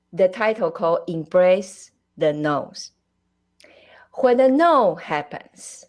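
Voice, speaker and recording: Slow, deliberate woman with a non-native accent. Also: on the low side. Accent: non-native English accent. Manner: slow, deliberate, emphatic delivery. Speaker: podcast host giving an online talk. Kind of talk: inspirational faith-based talk.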